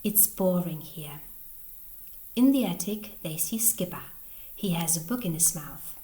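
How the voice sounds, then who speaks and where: A woman teacher reading a story aloud to schoolchildren, clearly and deliberately. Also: lowish voice, expressive, warm tone. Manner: slow and clear. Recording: roomy echo.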